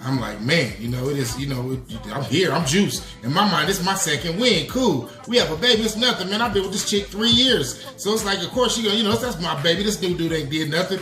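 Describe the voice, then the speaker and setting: On his podcast, a man delivers a long storytelling confession in loose street slang, addressing listeners as "y'all." His voice sits a bit high for a man and is expressive, sharp and fairly quick with few pauses, in an echoey room over faint music.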